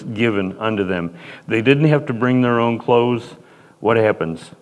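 A man preaching through a Bible passage, fervent, dropping into short prayers and swinging between loud emphasis and quiet. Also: lowish voice, big-room sound. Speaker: pastor. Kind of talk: Bible-teaching sermon.

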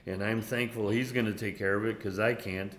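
A man teaching a Bible passage casually, halting often and chuckling between points. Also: fairly low pitch, fairly even intonation, echoey room, slight background noise. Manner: halting, with many fillers and chuckles.

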